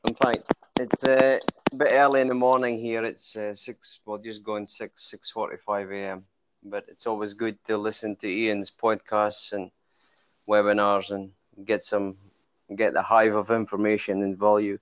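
A man's voice: fairly low pitch, little pitch movement, normal speed, smooth, no room sound, muffled recording. A man with a Scottish accent, a fitness coach, hesitantly asks a question over a video call. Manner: hesitant, with frequent "uh" fillers.

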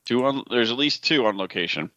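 A man's voice: mid-range voice, expressive, a little fast, bright, forceful tone, no echo, lo-fi sound. A man co-hosting a podcast in casual chat, mostly chiming in with short reactions. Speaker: podcast co-host.

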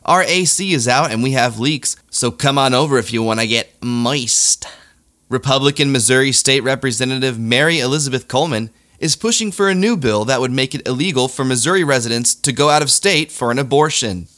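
Brief: man doing a deadpan satirical news monologue, bright tone. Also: mid-range voice, brisk. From Kansas City area. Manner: deadpan, self-deprecating asides. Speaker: comedy news host.

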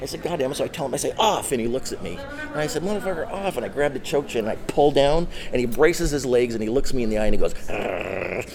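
A middle-aged man, a former deputy and dog handler, telling animated, profane stories as a guest in a casual interview. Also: medium pitch, racing, crowd noise.

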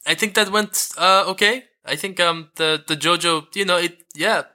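A man playing a tabletop game, hesitant and quick to laugh. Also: sits high, bright, forceful tone. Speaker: player.

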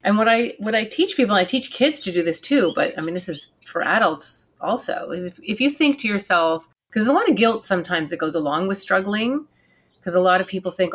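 A woman who works with parents and kids, explaining with earnest, animated asides as an interview guest. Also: mid-range voice, fairly quick.

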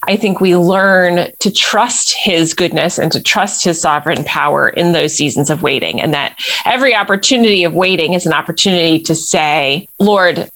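A woman with a slightly low voice talks in a casual faith conversation. She speaks thoughtfully and in measured, well-formed sentences. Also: fairly bright tone.

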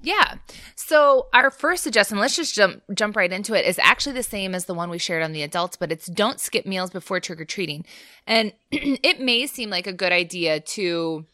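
A woman's voice: medium pitch, animated, moderate pace, sharp tone, no room sound, clean studio sound. A woman hosting a wellness podcast in a chatty, casual way, laughing often and poking fun at herself. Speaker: podcast host.

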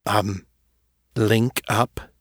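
A man's voice: lowish voice, steady tone, drawn-out words, a bit bright, slightly rough, dry recording, clean studio sound, exaggerated voice. A man voicing a cautious, polite man who speaks carefully and soothingly.

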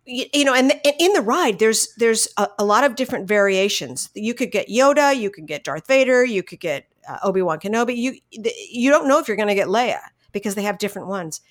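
A middle-aged woman, a voice actress, telling stories from her career in a casual interview, animated, laughing often and restarting her sentences. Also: mid-range voice, a little fast, hardly any pauses. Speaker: voice actress guest.

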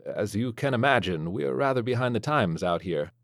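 A man voicing a gentle male Trappist monk who speaks courteously and with mild humor, set a little higher than his own voice. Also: lively intonation, moderate pace, gravelly, no echo, clean studio sound. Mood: curious.

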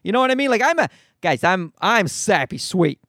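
A middle-aged man rants in a casual monologue, his voice high and swinging widely up and down. He swears freely and sounds exasperated. The sound is close and dry, with no room around it. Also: sing-song, normal speed, fairly bright tone, no echo. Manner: profane, exasperated ranting. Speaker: comedian.

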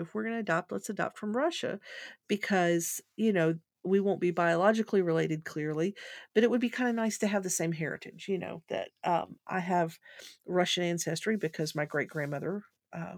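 A woman's voice: on the low side, no echo, clean studio sound. A middle-aged woman, rambling through a personal story as a guest. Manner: rambling, animated when telling a funny story. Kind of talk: casual storytelling.

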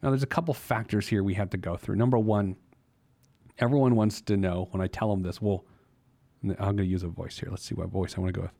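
A man's voice: sits low, fairly even intonation, fast talker, vocal fry, dark tone. A man hosting a personal finance podcast in a casual, jokey monologue, laughing at his own silliness. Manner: playful, jokey, laughs at himself. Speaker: podcast host giving money advice.

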